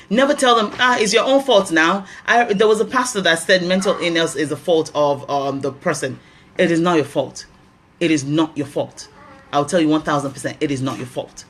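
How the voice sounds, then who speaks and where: Emphatic Nigerian woman giving advice. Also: lowish voice. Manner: emphatic, repeats key phrases for stress. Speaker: health talk host. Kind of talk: earnest advice monologue.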